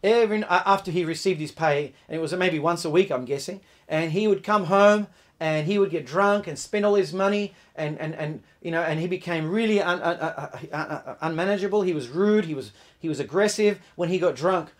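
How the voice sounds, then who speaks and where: Emphatic male preacher, fairly high voice. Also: fairly quick. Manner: emphatic, repeats and restarts words, asks the audience questions. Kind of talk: sermon.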